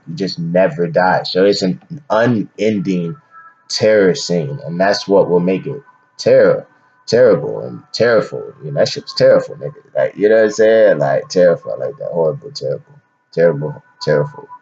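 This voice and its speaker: A filmmaker explaining his film in a slow, rambling, slangy way full of fillers. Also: sits low, darkish tone, muffled recording, slight background noise. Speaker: independent filmmaker.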